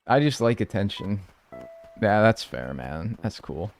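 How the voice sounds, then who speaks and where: A man's voice: fairly low pitch, big pitch swings, measured pace, faint music behind. A young man streaming a game, chatting casually in a rambling, joking and crude way. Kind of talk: casual gaming stream chat.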